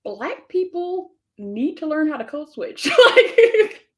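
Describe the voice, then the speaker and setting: A woman's voice: high voice, expressive, unhurried, darkish tone. A woman hosting an interview, chatting casually and filling her sentences with "like.". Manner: conversational, lots of "like" and laughter. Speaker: interviewer host.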